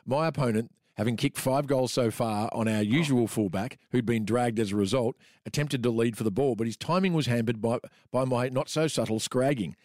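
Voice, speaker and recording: A man's voice: mid-range voice, darkish tone, no room sound, studio quality. A middle-aged man with an Australian accent, a podcast host reading aloud from his own memoir and chatting, often breaking into laughter.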